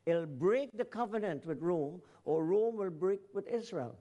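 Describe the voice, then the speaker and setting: A man preaching a sermon to a congregation. He swings from shouted emphasis to quiet asides, and he often corrects himself and repeats phrases. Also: high voice, lively intonation, a little slow, lo-fi sound.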